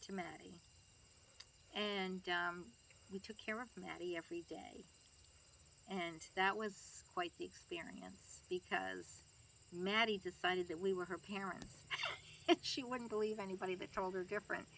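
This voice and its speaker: A woman's voice: lowish voice, steady tone, a little slow, gravelly, a bit bright, slight background noise. An older woman, a grandmother, telling family stories in a chatty way, laughing and acting out the people she quotes. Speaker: grandmother being interviewed. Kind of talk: family storytelling interview.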